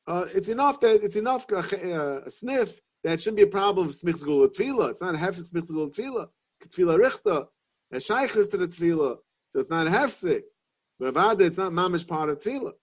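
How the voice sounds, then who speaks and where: A man giving a Talmudic lesson, reasoning aloud in halting, repeated phrases. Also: sits high. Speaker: Torah class teacher. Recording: dull lo-fi sound.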